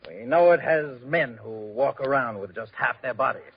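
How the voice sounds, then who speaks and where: A man's voice: mid-range voice, normal speed, slightly rough. An actor playing a pompous fairy-tale king, in 1940s radio acting style. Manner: pompous, dramatic. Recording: dull old radio recording.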